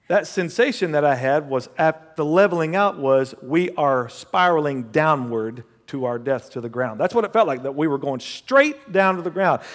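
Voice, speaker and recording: A male pastor preaching a sermon and telling a personal story, animated, swinging between loud bursts and hushed asides. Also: on the high side. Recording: long hall reverb.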